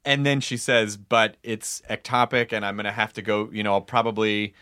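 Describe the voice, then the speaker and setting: A man's voice: fairly low pitch, moderate pace, clear, resonant tone. A man hosting a casual podcast chat, telling a story with many restarts. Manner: rambling, frequent restarts, lively storytelling. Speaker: podcast host.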